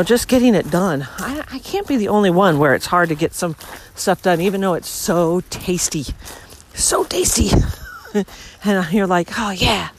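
A woman hosting a podcast as she walks along a beach, talking casually with lots of ums and bursts of excitement. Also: lowish voice, a little hiss or hum. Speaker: podcast host. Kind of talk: casual walking monologue. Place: outdoors on a beach.

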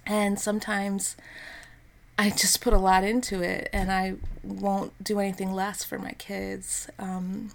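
Gravelly-voiced woman hosting a faith podcast. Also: medium pitch, monotone, measured pace. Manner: earnest, encouraging, softly spoken with fillers. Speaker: podcast host. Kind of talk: unscripted devotional podcast talk.

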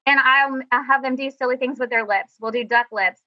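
Speaking a little fast with fairly even intonation, a high-voiced woman comes through lo-fi audio. She directs a middle school band and is presenting over screen share on a video call in a chatty, upbeat, self-deprecating way.

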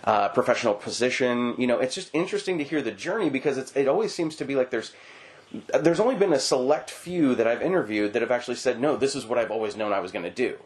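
A man's voice: medium pitch, lively intonation, fast talker. A man hosting a podcast interview, asking questions and cracking playful, rambling jokes. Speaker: podcast host. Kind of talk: casual interview chat.

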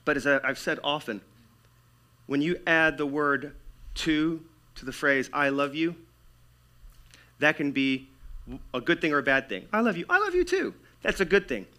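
Man, pastor, sermon, slightly high voice, emphatic then hushed. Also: a little slow, pauses often. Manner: emphatic, swings between loud and hushed delivery.

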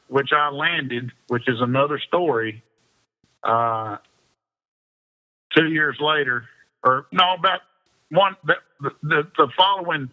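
A man, an interview guest spinning long rambling anecdotes in a casual chat and laughing often. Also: medium pitch. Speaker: interview guest, fishing pro. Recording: dull lo-fi sound.

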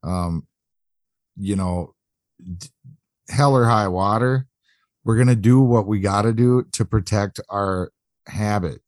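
A man's voice: lowish voice, slow, long pauses, a little mellow, no echo, clean studio sound. A man co-hosting a podcast, talking earnestly and reflectively about his own recovery. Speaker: podcast co-host. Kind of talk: conversational interview.

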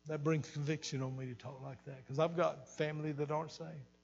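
A man's voice: on the high side, flat delivery, a little fast, gravelly, a little mellow, breathy edge, dull audio, soft background music. An older man pastor preaching an earnest sermon, repeating phrases for emphasis, recorded in a church hall. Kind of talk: sermon teaching. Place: church sanctuary.

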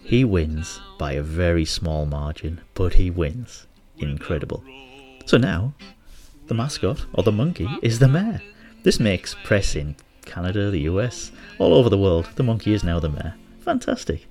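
A man with a Hartlepool accent hosts his own show, telling jokes and stories in a casual, chatty way. His voice sits fairly low and swings up and down with plenty of expression. Faint music plays behind him. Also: very animated, normal speed, mellow. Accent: Hartlepool English. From Hartlepool, England. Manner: jokey, chatty storyteller who laughs at his own jokes. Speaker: host. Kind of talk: casual monologue and storytelling.

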